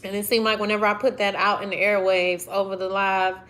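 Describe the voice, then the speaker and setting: A woman's voice: medium pitch, little pitch movement, fairly quick, fairly bright tone. A woman reading tarot cards on a livestream, talking effusively and getting emotional. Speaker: tarot reader.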